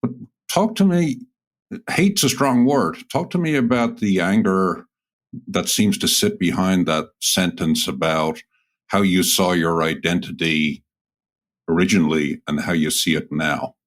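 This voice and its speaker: A man's voice: deep voice, unhurried. A man hosting a podcast, asking his guest questions in a conversational way. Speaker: podcast host. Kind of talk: podcast interview.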